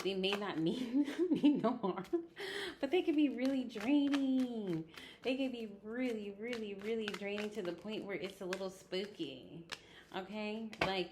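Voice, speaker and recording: A woman's voice: medium pitch, a little hiss or hum. A woman giving a casual tarot reading, chatty and blunt, with frequent laughs and swearing. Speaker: tarot reader.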